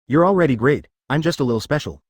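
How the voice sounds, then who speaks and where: A synthetic male narrator voicing a calm, kind young male medic ninja in an audiobook. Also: on the high side, quick pace, husky.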